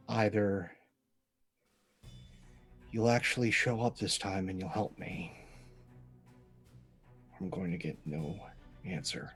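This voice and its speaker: A man doing a grim, brooding young hero. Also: full character voice. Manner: low, quiet, deliberate.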